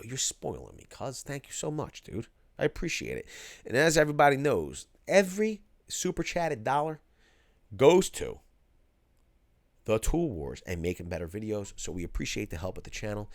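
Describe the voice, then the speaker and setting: With a mid-range voice carrying vocal fry, a Philadelphia man reads live chat aloud on his stream, the sound studio-clean with no room echo. His style is casual and slangy, full of "cuz" and "yo."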